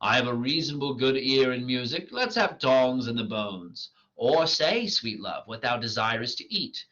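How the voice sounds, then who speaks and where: A man's voice: medium pitch, expressive, normal speed, sharp tone. A man reading the part of a lovestruck fairy queen, in a tender, doting way. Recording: lo-fi dull recording.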